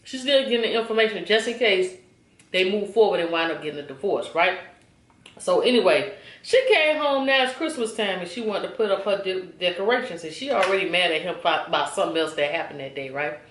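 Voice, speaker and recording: A woman in her forties telling a story to her viewers in a chatty, animated way, often checking in with them. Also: lowish voice, fairly quick, roomy sound. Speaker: vlogger. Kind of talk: casual storytime.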